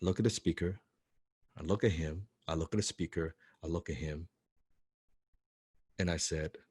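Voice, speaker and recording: A man in animated storytelling talk, excitable, who often repeats words and swears for emphasis. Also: low voice, moderate pace, long pauses, breathy edge, dry recording. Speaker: business coach telling a personal story.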